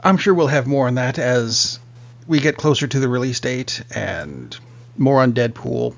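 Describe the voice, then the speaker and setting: A man's voice: medium pitch, animated, measured pace, vocal fry, lo-fi sound. A man co-hosting a podcast in casual chat, making dry, wry remarks. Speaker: podcast co-host.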